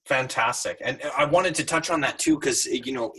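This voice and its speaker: A man hosting a podcast interview, asking slow, searching questions. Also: mid-range voice, sharp tone, breathy edge. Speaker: podcast host.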